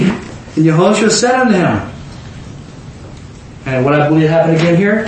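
A young man preaching an informal storytelling sermon, animated and acting out voices with sudden shouts. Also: a little high, moderate pace, long pauses. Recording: very echoey room, faint noise.

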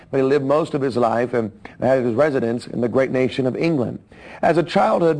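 A man speaks at an ordinary pitch, telling a life story in the manner of a sermon. He tells it in a measured way, adding his own comments as he goes. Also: a little mellow, rough recording. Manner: measured storytelling, with asides to listeners. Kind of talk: biographical sermon narration.

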